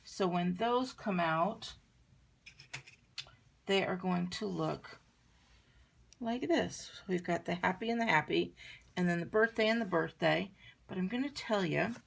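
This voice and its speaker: A woman giving a chatty, relaxed card-making tutorial, talking her viewers through each step as she works. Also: on the low side, measured pace, vocal fry, long pauses. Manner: chatty, relaxed, talks while working. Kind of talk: crafting tutorial demonstration.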